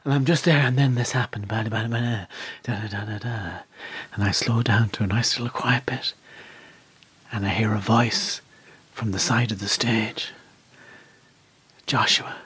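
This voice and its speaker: Irish comedian, profane and animated. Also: male voice, normal speed, pauses often, slightly rough. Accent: Irish, West of Ireland. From Ireland. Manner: profane, animated storytelling with big swings from low mutters to high excited bursts. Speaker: stand-up comedian, guest. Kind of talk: casual anecdote.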